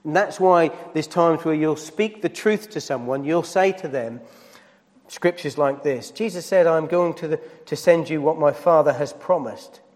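Guy preaching a sermon, high voice, church hall with long echo, asks the crowd stuff. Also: a little mellow. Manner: preaching with rising emphasis and direct questions to the congregation. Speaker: pastor.

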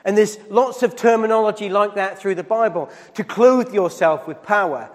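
A pastor preaches to his congregation, pressing points home with direct questions and rising emphasis. His voice sits high for a man. The sound rings with the long reverb of a church hall. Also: normal speed, hardly any pauses. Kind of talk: sermon.

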